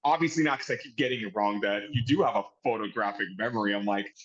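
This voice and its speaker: A man co-hosting a podcast, telling a story in casual chat with animated, profane delivery. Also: fairly low pitch, fast talker, highs cut off. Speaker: podcast co-host.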